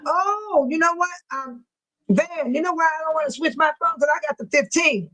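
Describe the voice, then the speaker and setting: A woman's voice: sits high, normal speed, poor audio. An older woman, a grandmother of seven, hosting a casual livestream, reading viewer comments and laughing often. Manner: laughs often, animated and teasing. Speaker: livestream host.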